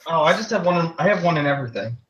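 A man playing a tabletop game, excitable and quick to swear. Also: on the high side, noisy background. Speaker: player. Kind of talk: casual tabletop play. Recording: dull lo-fi mic.

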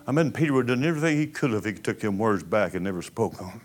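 A man preaching a sermon, telling a story as he swings from hushed to loud. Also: fairly low pitch, animated, racing. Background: piano music.

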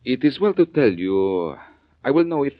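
A man putting on a fake suave French gentleman. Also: medium pitch, big pitch swings, moderate pace, a little hiss or hum, voice pushed up, lightly acted. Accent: put-on French. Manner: smooth, overly polite. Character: wisecracking male detective posing as suave Frenchman. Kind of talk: 1940s radio acting. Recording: muffled old radio recording.

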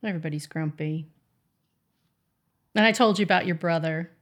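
Teasing middle-aged mom chatting. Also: female voice, fairly low pitch, moderate pace. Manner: playful, teasing, laughs often. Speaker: podcast co-host, mother of the other host. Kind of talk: casual chat.

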